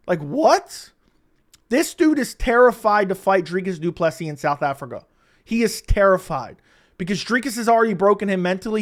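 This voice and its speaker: A man's voice: high voice, animated, moderate pace, fairly bright tone. A man hosting an online combat sports commentary channel, reading tweets aloud and mocking them in a heated, opinionated rant. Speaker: MMA commentary channel host.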